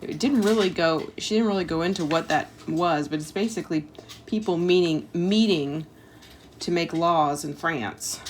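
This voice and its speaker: Her voice is lowish and her speed normal, with a little hiss or hum on the recording. As a homeschool parent, she reads history aloud at home and discusses it with her child, peppering her talk with "like," "um," and casual asides.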